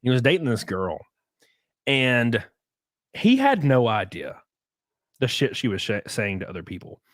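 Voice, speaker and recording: A man's voice: mid-range voice, sing-song, measured pace, a bit bright, no room sound, studio quality. A young man in casual podcast chat, telling rambling stories, swearing and laughing often.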